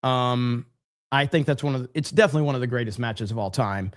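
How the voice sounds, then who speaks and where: A man's voice: mid-range voice, quick pace, no echo, clean studio sound. A man hosting a casual livestream podcast, laid back and chatty, reading out viewer comments with plenty of fillers. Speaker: podcast host.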